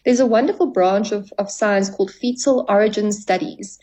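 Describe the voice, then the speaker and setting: A woman's voice: mid-range voice, moderate pace, mellow, poor audio. A woman therapist as a radio guest, explaining at length and acting out dialogue with clients. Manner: explanatory, acts out quoted dialogue. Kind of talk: radio interview.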